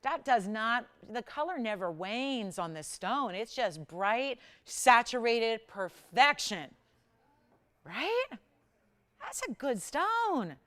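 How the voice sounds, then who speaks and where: Woman jewelry-channel host, a bit high, smooth clear voice, animated chatty sales pitch, studio. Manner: animated, chatty, sells with rapid price talk. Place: television studio.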